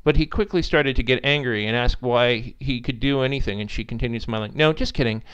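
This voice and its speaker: A man narrating a story in an expressive, animated reading style. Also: medium pitch, fairly quick, clean tone, muffled recording.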